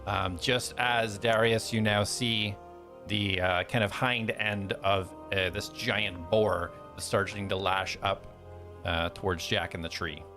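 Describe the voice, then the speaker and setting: A man's voice: lowish voice, fairly even intonation, takes it slowly, sharp tone, soft background music. A man narrating a tabletop game as game master, describing scenes loosely with many fillers.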